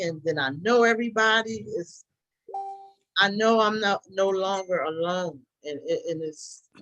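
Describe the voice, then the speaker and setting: Slow, emotional woman. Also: lowish voice, a bit bright, dry recording, poor audio. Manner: emotional and hesitant. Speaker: call participant. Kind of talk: casual group video call.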